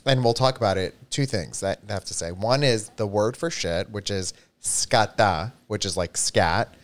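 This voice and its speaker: A man's voice: on the low side, normal speed. A man co-hosting a casual livestream chat, joking and teasing, often losing his train of thought. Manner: teasing, jokey, trails off mid-thought. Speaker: co-host.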